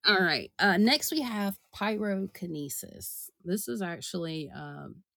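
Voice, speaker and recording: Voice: medium pitch, lively intonation, unhurried, gravelly, bright, forceful tone, dry recording, studio quality. A podcast co-host talking casually, rambling with many fillers and asides to the listeners. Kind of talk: casual chat.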